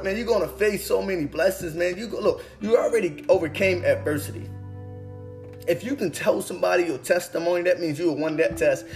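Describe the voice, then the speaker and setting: Earnest young man preaching over soft guitar. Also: high-pitched. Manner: earnest, preaching cadence with repeated phrases. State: emotional, holding back tears. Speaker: motivational speaker. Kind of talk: inspirational testimony talk. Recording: faint guitar music behind. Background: soft guitar music.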